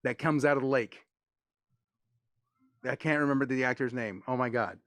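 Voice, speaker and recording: Excitable male interviewer telling stories. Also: medium pitch, moderate pace, dry recording. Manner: excitable storyteller, acts out quotes, laughs often. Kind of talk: casual interview chat.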